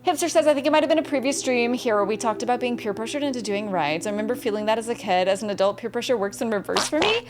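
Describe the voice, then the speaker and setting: Young female streamer, bright and upbeat, higher voice, greets viewers by name over soft background music. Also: animated, rapid-fire, hardly any pauses. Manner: upbeat, greets and thanks viewers by name, reads chat aloud. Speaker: gaming streamer. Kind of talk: casual live-stream chat.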